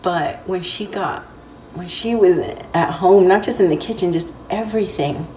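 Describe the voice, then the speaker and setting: A woman talking through a casual vlog, heartfelt and rambling with lots of fillers. Her voice sits a little low and comes from some way off the mic. The room is echoey, with faint ambience behind her. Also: moderate pace, mellow, far from the mic, a little hiss or hum. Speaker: vlogger.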